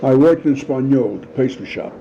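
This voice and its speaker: An older man with a medium-pitched voice speaks at a moderate pace, telling stories as the interviewee. He's an animated storyteller who acts out the voices of the people involved and laughs often. The home recording is dull and lo-fi, with faint noise.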